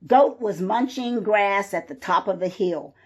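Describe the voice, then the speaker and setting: Slow, gentle woman reading a children's story. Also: mid-range voice. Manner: slow, expressive. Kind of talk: children's storybook read-aloud.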